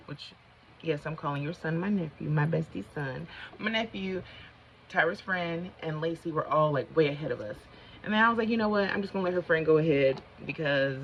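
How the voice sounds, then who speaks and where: A middle-aged vlogger with a low voice chats casually to her viewers, calling them "y'all," while doing her makeup. She rambles colloquially and gets easily sidetracked telling a story, with slight background noise and a slightly dull lo-fi sound.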